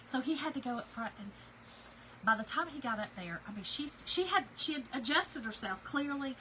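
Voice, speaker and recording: A woman's voice: high-pitched, expressive, brisk, very noisy. A woman, chatting and laughing as she tells a story to her viewers while working on a craft project. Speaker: craft video host.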